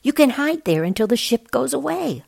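A woman's voice: high-pitched, sing-song, normal speed, gravelly, darkish tone, slightly rough, no echo, clean studio sound, pitched above the performer's own voice, full character voice. A woman doing an eager little polar bear cub.

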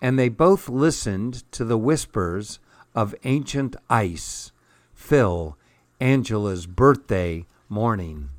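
A man reading children's picture books aloud in a gentle, measured, soothing way. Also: fairly low pitch, expressive, dry recording. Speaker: storyteller. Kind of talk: children's storybook read-aloud.

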